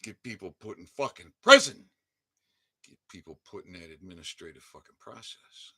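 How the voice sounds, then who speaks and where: A man hosting a livestream, delivering an angry, swearing rant that breaks into shouting. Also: deep voice, expressive, moderate pace, slightly rough. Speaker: livestream host. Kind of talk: profane ranting livestream. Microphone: desk mic, sometimes too close.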